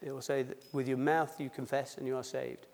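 A man's voice: mid-range voice, flat delivery, a little fast, gravelly, darkish tone. H-dropping male preacher in a reverberant church. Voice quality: drops his H's. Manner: reads scripture aloud, then explains it conversationally. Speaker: pastor. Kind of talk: sermon at a baptism service. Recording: long reverb in a church hall.

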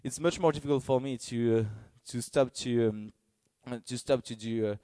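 Male preacher, earnest and halting, dry close sound. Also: medium pitch, no echo. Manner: halting, searching for words, earnest; gets excited and loud in bursts. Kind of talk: sermon.

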